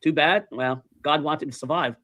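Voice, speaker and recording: Male streamer, high-pitched and bright, swearing and telling stories in a dry, close sound. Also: normal speed, dry recording. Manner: animated, profane storyteller who repeats himself. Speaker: livestream host. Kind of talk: casual chat.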